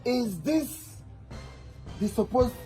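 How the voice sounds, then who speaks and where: Nigerian man, comic skit father, high pitch, loud Igbo-English scolding. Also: expressive, extremely slow, soft background music. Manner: loud scolding, mixing English and Igbo, sing-song taunts. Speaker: angry father in a comedy skit.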